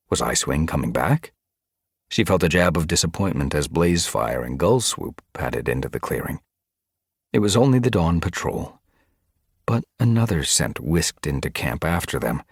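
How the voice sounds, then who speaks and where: Deep expressive male audiobook narrator. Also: slightly rough, no echo, clean studio sound. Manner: expressive storytelling. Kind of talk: scripted narration.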